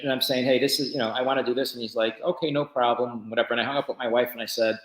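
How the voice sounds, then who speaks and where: A man's voice: mid-range voice, level tone, racing, a bit bright, echoey room, low-quality recording. A man, a business founder, tells his story casually in an interview and acts out the conversations he quotes.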